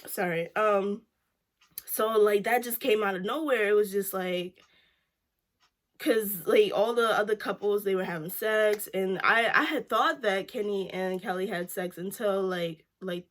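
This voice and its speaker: A woman giving a casual reaction chat on a TV show, filling her sentences with "like". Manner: chatty, fills every pause with "like"; lively, jumps up in pitch when reacting. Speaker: vlogger reviewing a TV show.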